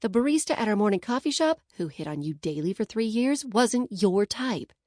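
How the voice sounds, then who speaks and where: A woman's voice: mid-range voice, animated, moderate pace, darkish tone, no echo, clean studio sound, lightly acted. A woman voicing a playful, teasing young bride-to-be in an audiobook, bubbly and pushy. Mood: coaxing. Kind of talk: audiobook character voice.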